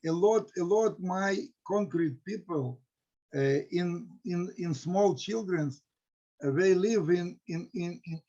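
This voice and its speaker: Halting, husky Ukrainian man. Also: high voice, a little mellow. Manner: halting non-native English, emotional, many restarts. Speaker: historian, center director. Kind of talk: discussion with students. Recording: dull lo-fi recording.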